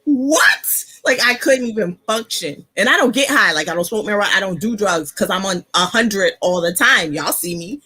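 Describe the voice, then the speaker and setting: A woman hosting a casual live-stream chat, talking softly because of an ear infection, laughing and chatty, sitting close to her computer mic. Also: medium pitch, animated, a little fast, hardly any pauses, slightly rough. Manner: chatty, laughing asides, many fillers. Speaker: host.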